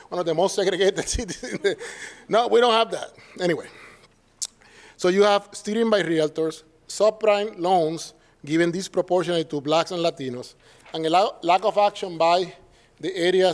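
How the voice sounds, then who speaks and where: A man's voice: on the high side, darkish tone. A man from Puerto Rico with a Puerto Rican Spanish accent, giving an academic lecture at a symposium in a conversational way, often tagging his points with questions and acting out quoted dialogue. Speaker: professor giving a symposium talk.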